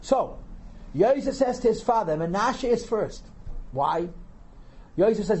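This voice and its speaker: A man's voice: high voice, lively intonation, measured pace, pauses often, darkish tone, poor audio. A man teaching a text class as a rabbi, translating line by line and asking rhetorical questions. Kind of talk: lecture on Torah text, reading and translating.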